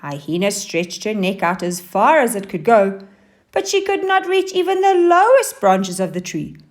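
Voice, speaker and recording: A woman teacher reading a children's story aloud, with expressive and animated delivery. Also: medium pitch, normal speed. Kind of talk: storybook narration.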